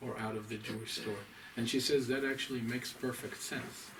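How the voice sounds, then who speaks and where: Man, rabbi, scholarly lecture, deliberate and emphatic, distant mic, faint room noise. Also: medium pitch, fairly even intonation. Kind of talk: lecture to a small audience.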